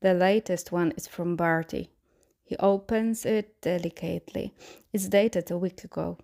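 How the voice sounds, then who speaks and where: A woman narrates a fan-fiction chapter in a steady, soft reading voice. Her tone is low and mellow, with a gravelly, creaky texture. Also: a little slow. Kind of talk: story reading.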